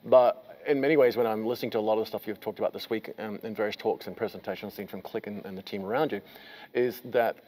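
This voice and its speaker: A man hosting an interview at a conference, asking long, quick questions with many fillers. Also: fairly low pitch, fairly even intonation, a little mellow, poor audio. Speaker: interviewer host. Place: busy conference venue.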